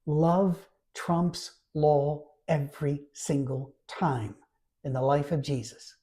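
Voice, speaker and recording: Mellow-voiced man preaching conversationally. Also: a little high, steady tone, takes it slowly. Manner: emphatic, repeats key phrases. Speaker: preacher and Bible storyteller. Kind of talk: conversational sermon.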